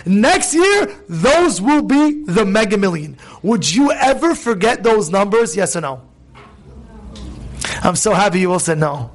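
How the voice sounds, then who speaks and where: Rabbi, male, high-pitched, emphatic sermon delivery, lots of rhetorical questions. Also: sing-song, a little slow.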